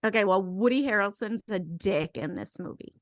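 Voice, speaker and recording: A woman's voice: mid-range voice, lively intonation, moderate pace, no echo, studio quality. A tipsy woman co-hosting a casual movie review, blunt and opinionated. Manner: blunt and opinionated, laughs easily. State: tipsy from drinking. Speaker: podcast co-host.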